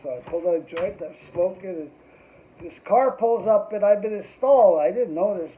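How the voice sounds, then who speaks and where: A man in middle age tells a loose, foul-mouthed story and keeps tacking "eh" onto his sentences. His voice sits high for a man. The sound is thin and boxy, like it came down a phone line. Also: moderate pace, a little hiss or hum. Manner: rambling and profane, tags lines with "eh". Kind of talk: casual anecdote.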